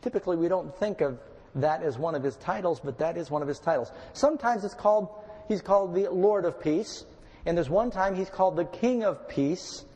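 A male pastor delivering a sermon in a fairly high voice, reading scripture and then explaining it. His delivery is measured and expressive. The recording carries a long reverb tail. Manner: measured, expressive preaching with occasional fillers.

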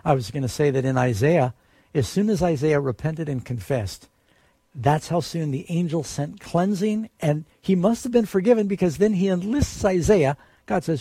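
Man preaching, husky tone, slightly high voice, earnest, dry close sound. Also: lively intonation, moderate pace, mellow, no room sound. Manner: earnest, rising emphasis on quoted promises. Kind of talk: sermon.

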